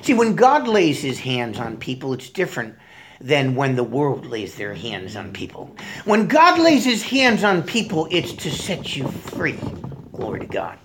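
A woman's voice: rumbling low, wildly swooping pitch, unhurried, a little hiss or hum. A woman preaching an informal Bible teaching, rambling with many fillers and restarts.

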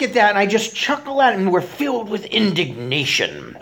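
A woman's voice: mid-range voice, huge pitch swings, moderate pace, few pauses, a bit bright. A woman preaching an informal Bible teaching, rambling with many fillers and restarts.

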